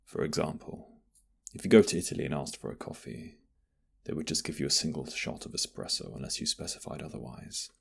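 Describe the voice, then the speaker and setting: Man doing a flirty barista, whispered role-play, teasing, very deep, husky. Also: a little fast, heavily acted. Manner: flirty, teasing, soft-spoken. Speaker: ASMR roleplay voice actor.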